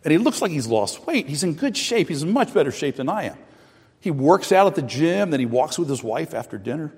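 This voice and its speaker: Earnest man preaching, slightly high voice. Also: very animated, a little fast, slightly rough. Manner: earnest preaching with repetitions and restarts, swinging from loud to soft. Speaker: pastor. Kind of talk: sermon. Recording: preaching voice with long hall reverb.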